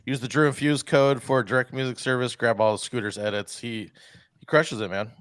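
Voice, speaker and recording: A man's voice: medium pitch, fairly even intonation, a little fast, fairly bright tone, clean tone, dry recording. Casual male podcast co-host, joking and loose, dry close mic, mid-range voice. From California. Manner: laid-back, joking, swears casually. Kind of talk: casual chat.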